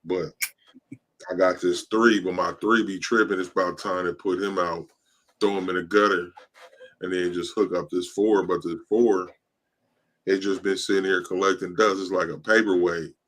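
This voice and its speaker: Very low, flat-voiced man chatting casually. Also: moderate pace. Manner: laid-back, talks in loose run-on phrases. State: has the hiccups. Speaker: podcast guest, t-shirt designer. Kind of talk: casual podcast chat.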